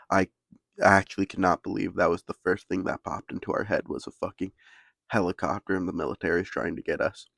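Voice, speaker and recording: A man's voice: low voice, vocal fry, a bit bright, dry recording. A young man casually telling a story in laid-back slang, swearing constantly.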